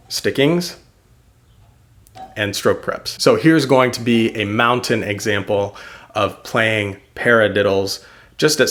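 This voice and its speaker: A young man teaching drum rudiments, counting the sticking aloud slowly and encouraging the learner. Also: mid-range voice, a bit bright. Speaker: drum instructor. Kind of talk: instructional lesson.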